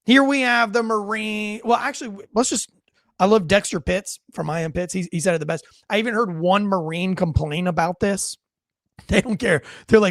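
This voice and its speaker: Male host with a high voice and a blunt, crude, joking rant style, recorded dry. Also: normal speed, fairly bright tone, no room sound. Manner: blunt, profane, wisecracking, reads chat aloud. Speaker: livestream show host and military veteran. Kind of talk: unscripted ranting commentary.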